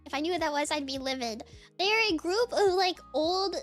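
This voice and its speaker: Young woman, streamer, casual storytelling chat, high-pitched, animated, laughs often, faint background music. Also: normal speed.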